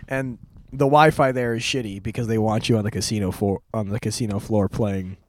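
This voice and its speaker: A podcast host in his twenties, speaking briskly in a lowish, steady voice, tells a rambling story. He laughs often and fills the casual talk with fillers and restarts.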